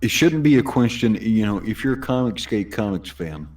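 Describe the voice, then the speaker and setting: Lower-voiced guy cohosting a stream, hyping stuff up, mic kinda far off. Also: lively intonation, normal speed, crowd noise. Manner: enthusiastic, promotional, restarts sentences. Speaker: stream co-host reading chat. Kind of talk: casual stream chat.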